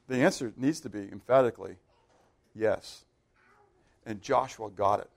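A pastor preaching a sermon, animated and questioning his congregation, swinging between loud emphasis and hushed asides. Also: mid-range voice, moderate pace, gravelly, long pauses.

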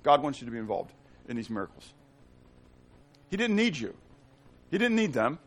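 A middle-aged man preaching a sermon, asking his congregation questions, swinging between loud emphasis and hushed tones. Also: medium pitch, sing-song, normal speed. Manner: asks the congregation fill-in-the-blank questions. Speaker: pastor.

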